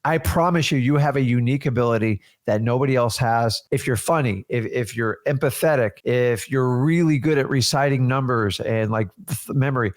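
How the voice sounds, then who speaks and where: A man's voice: medium pitch, normal speed, few pauses. A man hosting a motivational coaching talk on real estate, earnest and speaking straight to listeners. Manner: earnest, preachy, addresses listeners directly. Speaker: host teaching real estate wholesaling.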